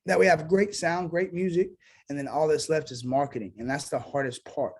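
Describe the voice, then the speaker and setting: A man's voice: fairly high pitch, fairly even intonation, fairly quick, husky. Blunt, self-assured musician man. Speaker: musician guest. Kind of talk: casual interview chat.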